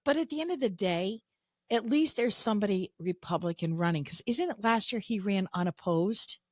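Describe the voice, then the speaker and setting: A woman's voice: medium pitch, expressive, moderate pace, no echo. Woman, podcast co-host, blunt opinionated quips, dry close sound. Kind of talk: casual political podcast chat.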